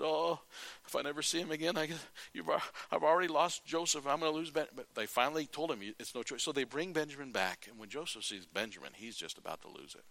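A man preaching, retelling a scripture story with lively, acted-out dialogue. His voice is bright and forward, and the recording is close and dry with almost no room sound. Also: medium pitch, no echo. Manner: animated storytelling, acting out the characters' lines. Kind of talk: sermon retelling a Bible story.

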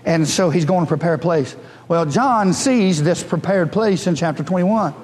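A male pastor preaching a fervent sermon in a church, rising at times into high shouted cries. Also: in a large hall. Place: church sanctuary.

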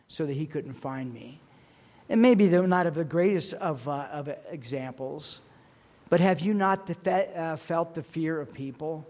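A man's voice: a little high, unhurried. A male pastor preaching an evening sermon, telling stories earnestly and repeating his key lines for weight. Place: church sanctuary. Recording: long hall reverb.

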